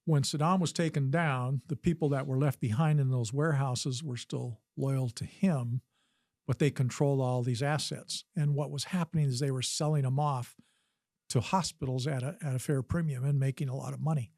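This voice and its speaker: A man's voice: mid-range voice, steady tone, normal speed, a little mellow, no room sound. Older man telling a story, dry close sound. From United States. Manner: earnest storytelling with frequent restarts. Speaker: podcast guest, former combat physician. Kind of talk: storytelling interview.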